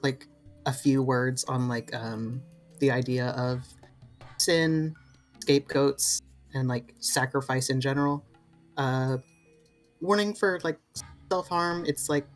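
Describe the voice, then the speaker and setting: A podcast co-host in a casual discussion, thinking out loud and halting often with fillers. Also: medium pitch. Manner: thoughtful, rambling, halting with many fillers.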